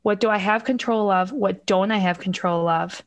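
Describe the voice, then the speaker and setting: This middle-aged woman talks things through as a podcast guest, reflective and earnest. She sits at a middle pitch for a woman and acts out everyday examples as she goes. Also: moderate pace. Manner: reflective, explains with lively acted-out examples. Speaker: guest expert on parenting emotions. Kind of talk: casual podcast conversation.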